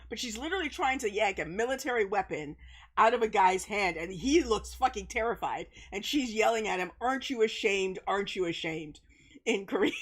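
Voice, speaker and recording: Laughing, swearing middle-aged woman livestreamer. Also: a little high. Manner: animated storytelling, laughs often, swears freely. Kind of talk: casual livestream chat.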